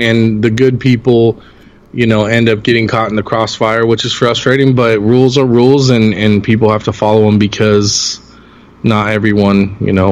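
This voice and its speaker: A man co-hosting a casual podcast, telling stories animatedly and acting out quotes in a raised voice. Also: fairly low pitch. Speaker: podcast co-host. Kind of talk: casual storytelling chat.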